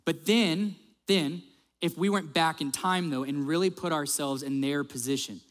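A male pastor preaching a sermon, telling stories in a lively way and acting out the quotes. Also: a little high, moderate pace, in a large hall. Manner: animated storyteller, acts out quotes.

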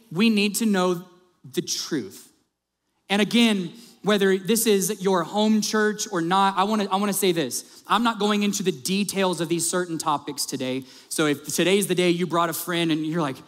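A man with a notably high voice delivers a sermon as pastor. He presses his points emphatically, slowing down and dropping his voice on the words that matter. A long reverb trails each phrase, as in a large church hall. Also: fairly bright tone. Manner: emphatic, varies pace, drops low for key words.

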